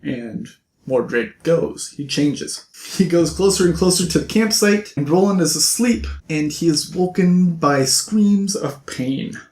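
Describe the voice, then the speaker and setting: A man vlogger retelling a novel's plot in a casual, animated way, with playful asides to his viewers. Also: a little high, measured pace. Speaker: book vlogger. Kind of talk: casual book recap. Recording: roomy echo.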